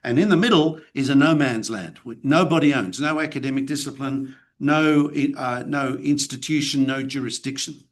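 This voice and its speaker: A man's voice: medium pitch, normal speed, few pauses. A middle-aged Australian man giving a conversational, self-deprecating academic presentation with some fillers. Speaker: guest lecturer.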